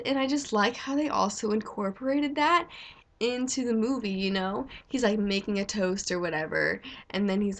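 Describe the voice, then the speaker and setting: Young woman vlogger, excitable and chatty, gushes freely in casual talk. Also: medium pitch. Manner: gushing, chatty, lots of "like". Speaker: vlogger reviewing a movie. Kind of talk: casual chat.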